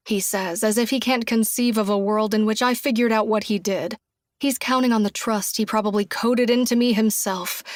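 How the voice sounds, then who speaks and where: A woman's voice: medium pitch, steady tone, normal speed, no echo. A woman giving intense, emotional first-person narration of a thriller audiobook on a close studio mic.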